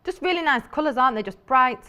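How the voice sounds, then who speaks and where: A woman's voice: high voice, animated, quick pace, pushed and bright, smooth, highs cut off. Chatty woman selling fabric on TV. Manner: chatty, enthusiastic, rambling. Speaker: shopping TV presenter. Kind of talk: live shopping-channel demonstration. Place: TV studio.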